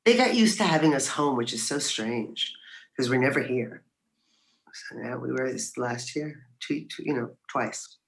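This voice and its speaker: A middle-aged woman, mother of a co-host, speaking softly in casual chat with short replies. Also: a bass voice, lively intonation, a little slow, vocal fry, poor audio.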